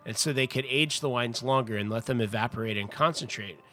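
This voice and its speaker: Brisk and sharp-toned, this medium-pitched man is a wine importer guesting on a casual podcast. He rambles through a long wine-history story, restarting sentences and adding asides.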